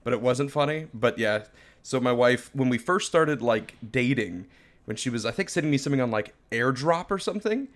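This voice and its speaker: A man's voice: mid-range voice, lively intonation, a little fast. A young man co-hosting a comedy podcast, rambling through stories and laughing as he talks. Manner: rambling, laughs often mid-sentence. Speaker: podcast co-host. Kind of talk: casual comedic chat.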